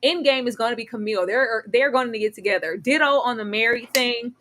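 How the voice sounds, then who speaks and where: This is a woman co-hosting a casual recap of a TV series. Her voice sits a bit high, and she talks with sassy, animated energy, often breaking into quick impressions of the characters. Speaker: podcast co-host.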